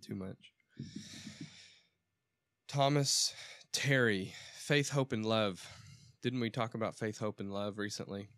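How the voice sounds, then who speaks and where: A man's voice: lowish voice, slow pace, long pauses, a bit bright, no room sound, clean studio sound. A man co-hosting a casual talk podcast, joking and laughing often while getting over a cold. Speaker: podcast co-host. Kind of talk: casual chat.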